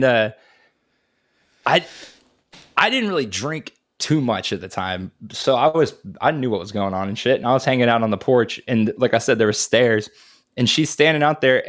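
A man in his thirties telling stories in a casual, laid-back chat, swearing freely and chuckling as he goes. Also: mid-range voice. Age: 30s.

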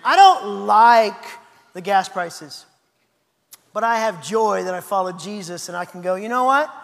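Male pastor, high voice, lively storytelling sermon with restarts, reverberant hall. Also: a little slow, vocal fry. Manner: lively, anecdotal, frequent restarts.

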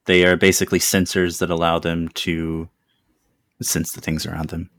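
Man, very low voice, game master, laid-back narration, frequent laughter. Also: flat delivery, normal speed, fairly bright tone, no echo. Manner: laid-back, laughs often, describes creatures at length.

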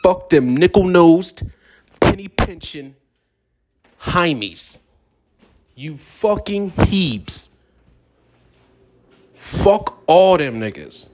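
A man's voice: sits high, lively intonation, extremely slow, pauses often, darkish tone. A man hosting a ranting vlog segment, talking in a profane, drawling way while smoking. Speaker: vlog host.

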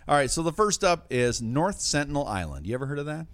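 A man's voice: fairly high pitch, big pitch swings, quick pace. A man hosting a comic news show in a studio, delivering jokes and headlines in a wisecracking way. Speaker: host.

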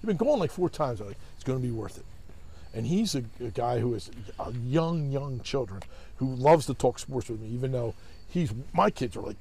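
Man, forties, gravelly and husky, high and lively voice, rambling profane storytelling. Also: normal speed. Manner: rambling, profane, acts out other people's voices. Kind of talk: casual storytelling.

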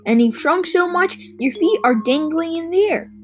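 A woman's voice: fairly high pitch, expressive, a little slow, soft background music, low-quality recording. A woman doing a gloating, nasty old man in a storybook. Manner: loud, gloating and mocking. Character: nasty old man tormenting his wife.

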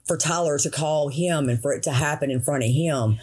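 Lady in her 40s, guest on a talk show, earnest and raw, pace keeps dragging then rushing. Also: low-pitched, darkish tone, breathy edge. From Tennessee, USA. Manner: earnest, raw, slows and speeds while recounting grief. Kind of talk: emotional personal interview.

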